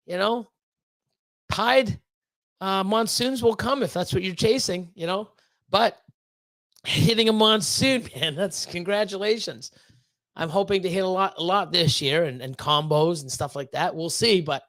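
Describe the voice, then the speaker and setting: A man hosts a casual livestream in a high, light voice. He rambles and swears, piling up fillers and repeated words. The sound is dry and close, with no room around him. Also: fairly bright tone, no echo. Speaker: livestream host.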